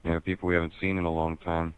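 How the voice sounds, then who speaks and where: A man's voice: deep voice, little pitch movement, rapid-fire, clear, resonant tone. A man in casual chat with friends, laid-back and jokey.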